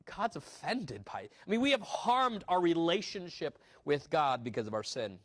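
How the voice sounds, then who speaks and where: A young pastor preaches with earnest drive, stumbling and restarting words as he acts out little asides. His voice sits a bit high for a man. The sound is close and dry, with almost no room echo despite the church. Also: big pitch swings, normal speed, a bit bright. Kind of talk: sermon. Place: church sanctuary.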